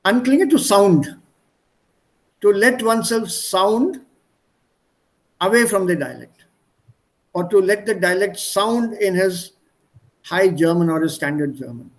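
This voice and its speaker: A man's voice: high voice, lively intonation, a little slow, pauses often, low-quality recording. A man with an Indian accent teaching an online German class, explaining words through strings of English synonyms. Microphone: video call.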